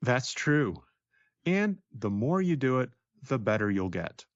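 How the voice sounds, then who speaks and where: Guy co-hosting an english podcast, slow and animated, dry dull-ish sound. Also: mid-range voice, no room sound. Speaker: co-host. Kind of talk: scripted educational podcast.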